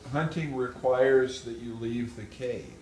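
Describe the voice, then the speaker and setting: A man adding brief, slow remarks in a casual talk. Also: mid-range voice, a little mellow, echoey room, a little hiss or hum, rough recording.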